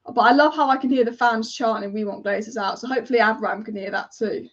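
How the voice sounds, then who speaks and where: A woman's voice: a little high, fast talker, muffled recording. A woman hosting a live football watch-along, chatty, opinionated and often exasperated.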